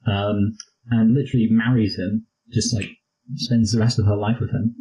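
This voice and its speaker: On a rough recording, a young man with a warm, level voice on the low side speaks at normal speed. Co-hosting a laid-back movie review chat, he rambles jokily and lapses into posh impressions.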